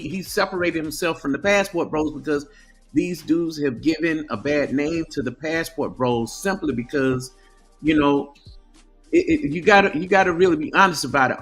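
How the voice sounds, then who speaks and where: A man talks loosely on a live stream, tripping over his words and starting over. His voice sits a little high. Faint music plays underneath. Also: moderate pace, fairly bright tone. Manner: stammering, restarts often. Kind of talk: casual live-stream chat.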